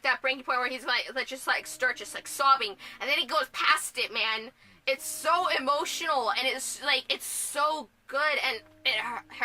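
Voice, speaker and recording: A woman's voice: sits high, sharp tone. A young woman talking casually in a vlog, rambling and restarting with lots of fillers. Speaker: vlogger.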